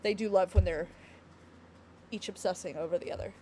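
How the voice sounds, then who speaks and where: A woman's voice: fairly low pitch, a little fast, warm tone, a little hiss or hum. A woman streaming from home in casual live-stream chat, giggly and rambling as she talks to her chat.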